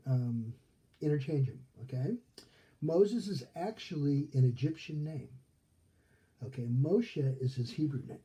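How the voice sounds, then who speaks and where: Dark-voiced man teaching a Torah lesson. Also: mid-range voice. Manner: conversational, checks in with frequent "okay?"; acts out quoted characters in his retelling. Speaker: rabbi. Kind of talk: casual Torah study lesson.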